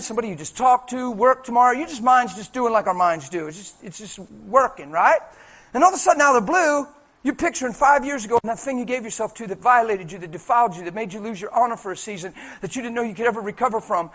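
Animated high-voiced preacher. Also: male voice, quick pace, hardly any pauses. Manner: animated, conversational, colloquial. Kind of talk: sermon.

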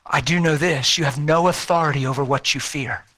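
A man telling an emotional personal faith story in an animated way, repeating words and acting out what people said. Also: on the high side, a little fast. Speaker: speaker sharing a personal faith testimony.

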